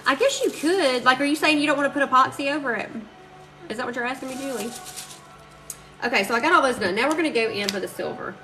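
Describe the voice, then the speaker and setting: A woman's voice: a little high, pushed and bright, poor audio. A woman chatting and telling rambling stories to her live-stream viewers while she crafts. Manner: chatty, rambling storyteller, addresses viewers as y'all. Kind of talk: casual chat while crafting. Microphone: phone live stream.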